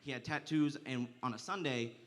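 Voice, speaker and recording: A man's voice: medium pitch, normal speed, fairly bright tone. A young man performing a stand-up comedy set, telling crude, profane stories and often laughing through his lines.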